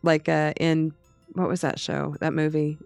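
A woman's voice: sits low, flat delivery, a little slow, creaky, darkish tone, no echo, soft background music. A woman co-hosting a podcast in casual chat. She is easygoing and agreeable and sometimes trips over names. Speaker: podcast co-host.

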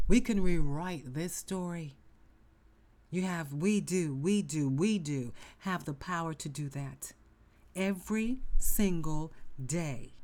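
A middle-aged woman hosts a motivational self-help podcast in a lowish, slightly mellow voice. She speaks emphatically, repeats herself often, and drops into sudden whispered asides.

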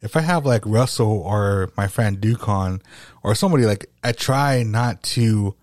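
A man's voice: on the low side, a little mellow, no echo, clean studio sound. Man with a slight lisp, hosting. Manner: halting, with frequent restarts and searching for words. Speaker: podcast host. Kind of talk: casual podcast conversation.

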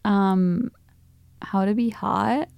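A woman's voice: medium pitch, extremely slow, creaky, darkish tone, smooth, dry recording. A young woman in her twenties, a guest in a casual chat, laughing easily.

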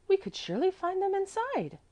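A woman's voice: very high voice, wildly swooping pitch, a little fast, darkish tone, pitched above the performer's own voice, exaggerated voice. A woman reading aloud and voicing a small, eager, curious little girl with a raised, childlike voice. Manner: bold, inquisitive, childlike.

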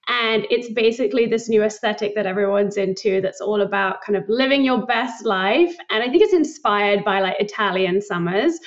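A young woman from England, her English accent softened by American, chatting upbeat and laughing easily as a podcast guest. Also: mid-range voice, normal speed, hardly any pauses, muffled recording. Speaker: guest, startup co-founder. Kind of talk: casual interview chat.

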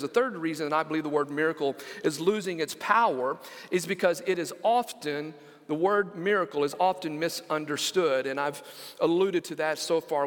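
High, bright-voiced preaching pastor. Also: male voice. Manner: animated preaching, repeats words, asks the congregation to respond. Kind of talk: sermon. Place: church sanctuary. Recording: long church hall reverb.

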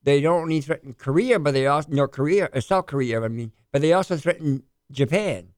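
A man co-hosting a talk radio show, talking in a halting way and repeating words as he starts. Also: a little high, no echo, clean studio sound. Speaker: radio co-host, news desk. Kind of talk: casual talk radio banter. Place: radio studio.

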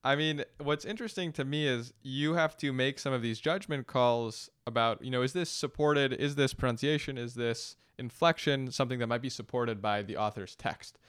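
An interviewer asking thoughtful, measured questions. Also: medium pitch, fairly bright tone, clean tone, dry recording, clean studio sound.

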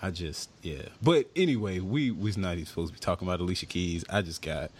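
A man co-hosting a podcast, chatting casually and telling stories in an animated, expressive way. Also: deep voice, fast, breathy edge. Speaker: podcast co-host. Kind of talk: casual chat.

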